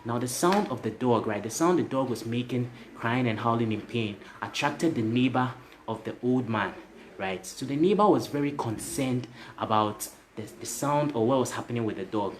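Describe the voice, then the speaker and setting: A man's voice: medium pitch, normal speed, a little hiss or hum. A man giving a motivational story to livestream viewers, repeating himself and tagging his lines with "right?". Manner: repetitive, tags lines with "right?"; addresses viewers directly. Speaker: motivational speaker.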